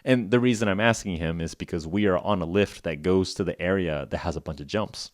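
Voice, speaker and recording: A man's voice: deep voice, fairly quick, no room sound, clean studio sound. A man hosting a podcast for English learners, telling a story casually in simple words, with lots of "like" and frequent chuckles. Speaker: podcast host.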